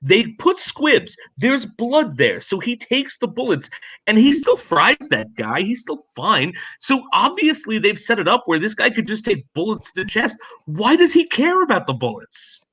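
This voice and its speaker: A man's voice: sits high, wildly swooping pitch, normal speed, bright, forceful tone, husky. A man co-hosting a podcast, chatting casually and sarcastically, laughing often. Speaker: podcast co-host. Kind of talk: casual chat.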